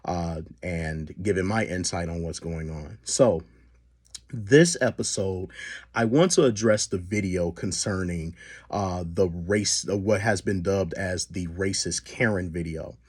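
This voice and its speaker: A man's voice: low-pitched, a little slow, darkish tone, breathy edge. A man hosting a solo commentary podcast, talking with many fillers and restarts. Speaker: podcast host.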